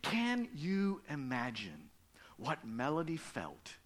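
A man preaching a sermon as pastor, telling stories and dropping from loud emphasis to hushed whispers. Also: a little high, huge pitch swings, slow pace. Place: church.

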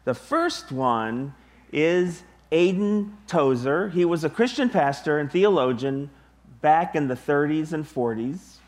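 A man preaching a sermon to his congregation, deliberate and emphatic, with long pauses. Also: fairly high pitch, expressive. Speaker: pastor.

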